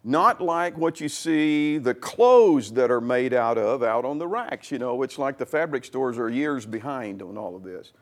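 A man's voice: medium pitch, expressive, a little slow, few pauses. A middle-aged male pastor giving a conversational, folksy sermon. He often repeats words and restarts his sentences.

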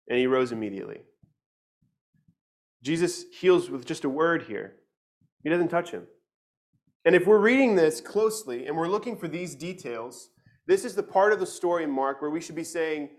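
A man's voice: on the high side, expressive, normal speed, pauses often, darkish tone. A man teaching scripture in a conversational way, reading verses aloud and explaining them closely, often repeating words as he goes. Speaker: preacher.

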